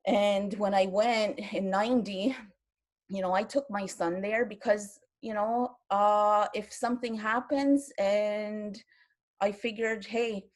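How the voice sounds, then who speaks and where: A woman's voice: medium pitch, steady tone, slow. Earnest grandmother on a video call. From Kahnawake, Quebec. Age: older. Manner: earnest, many restarts, emotional at times. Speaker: round-table panelist. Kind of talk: casual talk on an online round-table.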